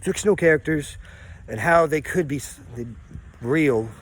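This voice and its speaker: A man's voice: a little high, normal speed, a little hiss or hum. A man, a personal trainer, talking outdoors in a rambling, preachy, upbeat monologue full of slang and catchphrases. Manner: preachy, upbeat, repeats catchphrases, drifts off topic; casual slangy delivery with laughs and fillers. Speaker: personal trainer and wellness vlogger.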